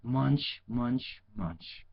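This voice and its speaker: Placid storybook sheep, voiced by a man, flat chewing; lo-fi recording. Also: medium pitch, drawn-out words, gravelly, pitched below the performer's own voice, heavily acted. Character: dull grazing sheep, flat and unbothered. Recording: dull lo-fi recording.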